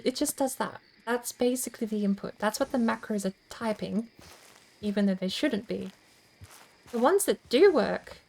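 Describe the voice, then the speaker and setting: A woman's voice: a little high, gravelly, darkish tone. A woman streamer chatting casually as she plays, thinking aloud and over-enunciating every word. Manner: chatty, thinks aloud while fiddling with settings. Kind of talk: casual game-stream chat.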